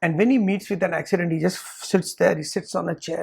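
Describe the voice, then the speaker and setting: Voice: mid-range voice, steady tone, fast, vocal fry, a little mellow, husky. A Vedanta teacher, retelling a story in a lecture and briefly voicing the characters in quotes.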